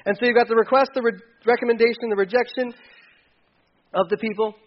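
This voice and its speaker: Animated man preaching in a high voice. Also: fast, dull audio. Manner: animated, acts out the king's lines with humor. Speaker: pastor. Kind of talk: sermon.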